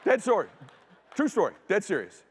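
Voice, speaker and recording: A middle-aged man giving a motivational keynote as a story, acting out dialogue in punchy short sentences with casual swearing and sudden shouts. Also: high voice, moderate pace, breathy edge. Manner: animated, acts out dialogue, bursts into shouts. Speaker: motivational speaker. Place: conference stage before an audience.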